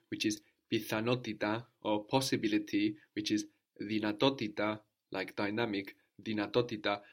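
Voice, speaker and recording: A man teaching a spoken language lesson, explaining patiently and often checking in with a questioning "no?". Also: on the low side.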